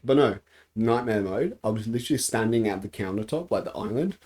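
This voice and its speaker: Excitable man, laughing and swearing. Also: brisk, husky. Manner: laughs often, swears, jumps pitch when excited. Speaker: podcast co-host. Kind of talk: casual chat among friends.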